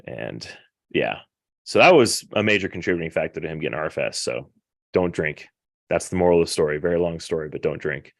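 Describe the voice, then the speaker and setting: A very deep-voiced young man spins a rambling story packed with swearing, talking casually like a podcast host. The sound is dry and close, with no room around it. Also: brisk, creaky, dry recording. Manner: profane, rambling, animated retelling.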